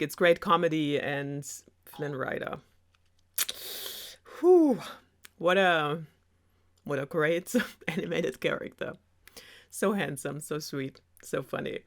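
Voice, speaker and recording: A woman's voice: lowish voice, fairly bright tone. Sarcastic young German woman storyteller. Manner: sarcastic, rambling, giggly asides. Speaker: host. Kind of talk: sarcastic casual fairy-tale retelling.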